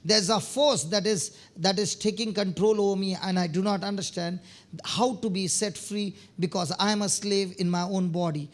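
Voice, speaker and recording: A man's voice: sits high, steady tone, normal speed. A man preaching a sermon, telling testimony stories, often checking in with his listeners and repeating words as he starts phrases.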